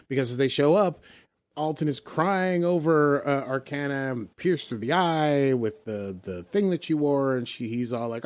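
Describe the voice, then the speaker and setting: A man casually retelling a TV episode on a podcast, rambling and slipping into quick impressions of the characters. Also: medium pitch, dry recording. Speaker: podcast co-host recapping an episode. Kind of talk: casual chat.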